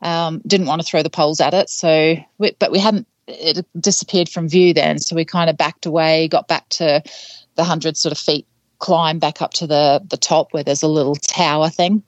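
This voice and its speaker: A woman's voice: sits low, steady tone, normal speed, dry recording, muffled recording. A woman guest on a podcast, telling a story casually with many fillers and laughs between phrases. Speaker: podcast guest, trail runner.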